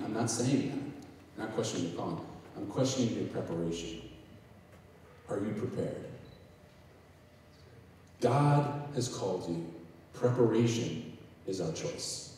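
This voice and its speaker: Male youth speaker, mellow tone, animated storyteller who acts out voices; recorded from afar in a reverberant auditorium. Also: medium pitch, measured pace, pauses often, slight background noise. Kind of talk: sermon. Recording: echoey hall, distant mic.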